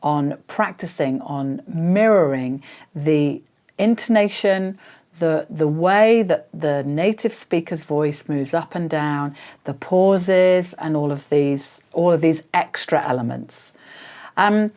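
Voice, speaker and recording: A woman with an English RP accent gives a casual spoken lesson as a coach. Her voice sits low for a woman. She explains patiently and often pauses on fillers. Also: darkish tone.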